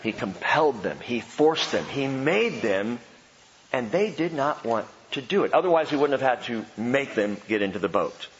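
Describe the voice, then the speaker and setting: A man preaching a sermon as pastor, animated and dramatic, acting out the voices he quotes. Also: medium pitch, moderate pace, slight background noise. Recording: dull lo-fi sound, long hall reverb.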